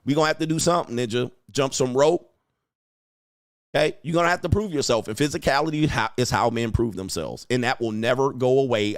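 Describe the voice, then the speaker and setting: A man hosting a livestream, ranting at his viewers in a loud, mocking, insulting way. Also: mid-range voice, no room sound, clean studio sound. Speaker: online dating coach host. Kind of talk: livestream rant.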